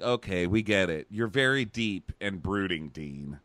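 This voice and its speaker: A man co-hosting a casual chat, sarcastic and mocking, leaping into high voices to quote people. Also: lively intonation, a little slow, few pauses, fairly bright tone, no room sound. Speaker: podcast co-host. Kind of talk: casual chat recapping a reality show.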